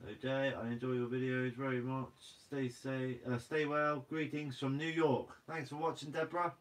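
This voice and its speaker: A young man with a Guernsey accent hosts a relaxed live stream. He talks casually with his viewers and reads their comments aloud. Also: mid-range voice, moderate pace. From Guernsey, Channel Islands. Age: 20s. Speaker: fishing channel host. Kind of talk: live stream Q&A reading chat.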